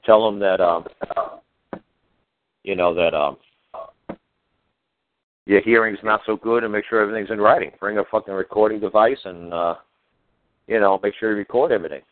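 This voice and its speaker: A man's voice: lowish voice, normal speed, long pauses, dry recording. A man hosting a podcast, telling a rambling, profane story in a casual way and acting out the voices of the people in it. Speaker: podcast host. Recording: tinny phone-like line, dry.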